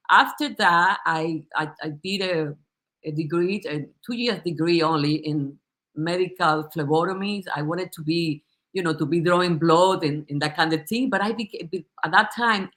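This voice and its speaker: Dominican-born woman, Spanish accent, lowish voice, sincere guest testimony. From Dominican Republic. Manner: warm, earnest, laughs easily, restarts often. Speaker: guest sharing her story. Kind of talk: casual personal testimony.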